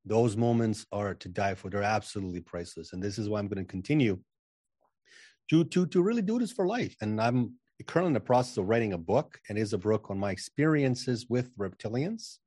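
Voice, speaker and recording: A channeling coach appears as a guest on a podcast in a casual interview, sounding self-assured and emphatic and often repeating words as he begins a sentence. His voice is on the low side, expressive and warm, and he speaks briskly; the recording is dry and studio quality.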